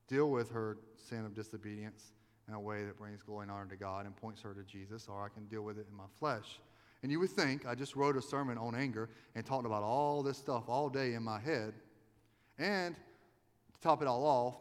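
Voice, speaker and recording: Earnest pastor, low voice, reverberant hall. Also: male voice, clean tone. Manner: earnest and confessional, telling personal stories. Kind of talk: sermon. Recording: long reverb of a large hall.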